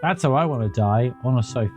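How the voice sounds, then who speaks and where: A man's voice: mid-range voice, lively intonation, a little fast, soft background music. A man giving casual gameplay commentary on a stream, chatty and rambling, laughing at his own remarks.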